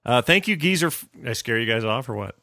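A man's voice: mid-range voice, lively intonation, quick pace, pushed and bright, no echo, studio quality. A man hosting a casual podcast, joking, laughing often and rambling through asides. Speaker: podcast host.

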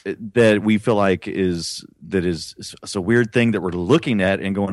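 A man's voice: low-pitched, unhurried, few pauses, dry recording, clean studio sound. A man co-hosting a podcast in casual chat, hesitant and careful to qualify what he says. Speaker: podcast co-host.

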